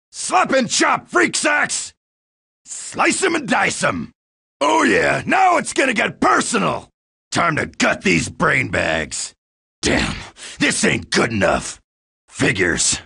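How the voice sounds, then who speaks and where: A loudmouthed American marine in a video game, all crude taunts and bravado. The voice is raspy and gravelly, with a bright, hard edge that cuts through. He is mostly shouting, in slow, deliberate bursts. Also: a little high, heavily acted. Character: brash loudmouthed American marine, middle-aged, cocky.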